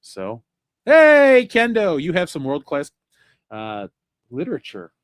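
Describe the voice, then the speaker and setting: A man's voice: a little high, wildly swooping pitch, slow pace, no room sound, studio quality. A man hosting a pop culture chat show, reading viewer comments and teasing his co-host with frequent laughter. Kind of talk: casual chat.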